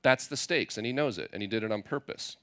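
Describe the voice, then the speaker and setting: A man's voice: on the low side, animated, fast, fairly bright tone, clean tone. Conversational man preaching a sermon. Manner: conversational, mixes scripture reading with playful paraphrase. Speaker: pastor.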